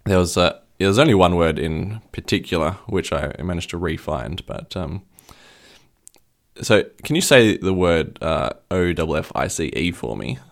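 Low gravelly man, analytical chat. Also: lively intonation, moderate pace. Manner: probing, analytical questioning. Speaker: podcast co-host. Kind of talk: casual chat.

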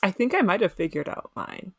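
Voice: medium pitch, huge pitch swings, brisk, creaky, fairly bright tone, slight background noise. Candid young podcast speaker, laughs often. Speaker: podcast co-host. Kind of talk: casual group chat.

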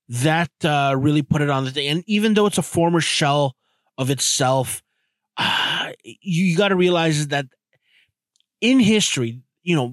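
Male podcast host, casual talk, a little high-pitched, a loose rambling delivery with many restarts. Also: dry recording. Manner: rambling, stumbles and repeats words. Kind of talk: casual solo monologue.

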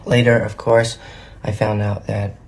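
An actor playing a strange young man who speaks in a flat, deadpan, repetitive way, heard in a film clip. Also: on the low side, a little slow, gravelly, breathy edge, full character voice.

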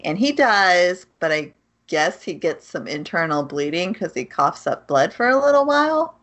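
A woman's voice: on the low side, very animated, normal speed, a bit bright. A woman co-hosting a podcast, recapping an anime in casual chat, matter-of-fact with giggles. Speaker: podcast co-host.

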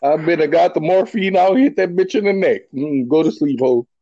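Male podcast host, mellow tone, crude banter, no front teeth right now, dry lo-fi sound. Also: fairly high pitch, moderate pace, dry recording. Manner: crude joking, laughs often. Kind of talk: casual chat.

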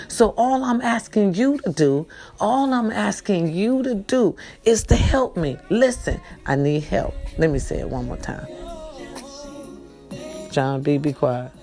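Low-voiced woman half-whispering a plea. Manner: repetitive, pleading, addresses viewers as y'all; half-whispering, soft-spoken. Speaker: vlogger. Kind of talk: casual morning vlog talk.

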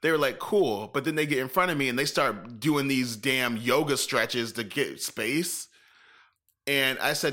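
Bright-voiced man telling an animated story. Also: mid-range voice, normal speed. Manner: animated, profane storytelling with acted-out quotes. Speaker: storyteller in a chat. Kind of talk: casual chat.

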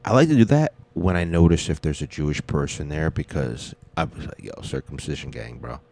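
A man's voice: low voice, very animated, brisk, darkish tone. A man hosting a comedy podcast from home at night, rambling and swearing into a close mic. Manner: rambling, profane, self-deprecating. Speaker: podcast host. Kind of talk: casual comedic monologue. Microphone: mic turned up close.

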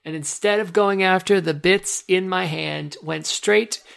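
A woman trading deadpan jokes in a casual chat. Her voice sits low, with a gravelly fry running through it. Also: measured pace. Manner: deadpan, dry one-liners.

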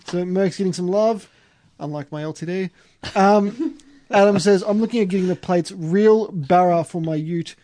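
A man's voice: sits high, moderate pace, mellow, no echo. A young Australian man hosting a casual car podcast, joking and reading out listener comments. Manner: laughing, loose and joking, reads out listener comments. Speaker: podcast host. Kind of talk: casual chat.

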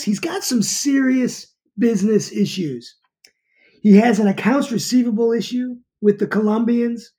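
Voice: mid-range voice, warm tone. A middle-aged TV show reviewer talking casually, rambling, with many fillers and restarts.

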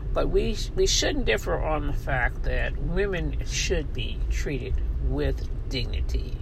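A woman's voice: sits low, gravelly. A middle-aged woman, a minister, delivering an indignant, emphatic monologue about being mistreated, recorded outdoors near traffic. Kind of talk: personal complaint monologue.

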